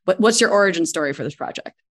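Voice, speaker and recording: A woman's voice: fairly low pitch, animated, fairly bright tone. Enthusiastic woman hosting. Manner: enthusiastic, quick to react. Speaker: host. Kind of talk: casual interview.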